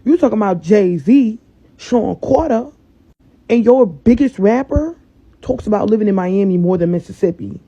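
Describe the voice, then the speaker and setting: High gravelly man, sarcastic roast, dull lo-fi phone audio. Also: animated, moderate pace, mellow. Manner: mocking, matter-of-fact. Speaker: TikTok responder.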